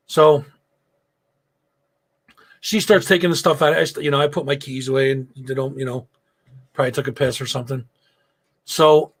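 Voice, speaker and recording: Gravelly-voiced man telling a story. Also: fairly high pitch, brisk, pauses often, fairly bright tone. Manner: loose storytelling, frequent swearing and fillers. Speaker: live show host. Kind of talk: casual live-stream chat.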